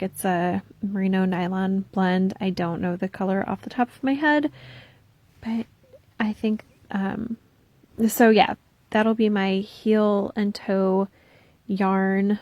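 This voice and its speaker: A woman's voice: mid-range voice, a little mellow, dry recording. Chatty woman in a dry room. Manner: chatty and rambling, with many "um"s and asides. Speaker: knitting vlogger. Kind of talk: casual knitting vlog chat.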